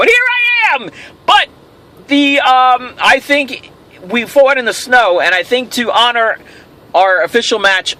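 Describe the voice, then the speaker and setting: A man's voice: extremely high pitch, sharp tone. A man hosting a casual question-and-answer vlog, rambling and telling jokes with self-amused delight. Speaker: host of a toy show.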